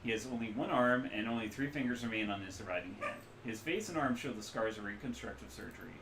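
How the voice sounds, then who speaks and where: A man's voice: fairly low pitch, fast talker, noisy background. A man streaming, casually reading out a text game and adding his own asides. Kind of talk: live-stream game narration. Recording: roomy echo.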